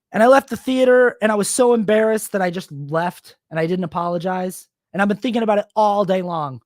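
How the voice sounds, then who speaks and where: A man's voice: sits high, brisk, hardly any pauses, dry recording, studio quality. A man hosting a solo podcast, telling a self-deprecating story in a rambling, confessional way with many restarts. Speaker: podcast host.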